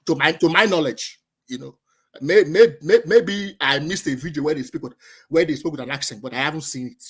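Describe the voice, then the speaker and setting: A man's voice: fairly high pitch, a little fast, fairly bright tone, husky. A man, calling in to a discussion and arguing with many stammered restarts. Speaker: caller. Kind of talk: casual debate.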